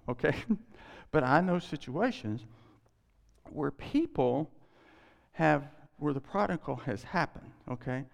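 A male pastor preaching a sermon on a scripture passage, animated and acting out the quoted lines. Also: on the high side, vocal fry. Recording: long hall reverb.

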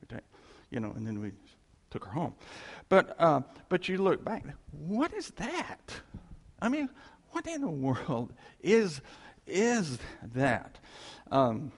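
Man with gravelly voice in echoey hall. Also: fairly high pitch, wildly swooping pitch. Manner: rambling, halting storytelling with chuckles. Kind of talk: informal testimony to a congregation. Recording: long hall reverb.

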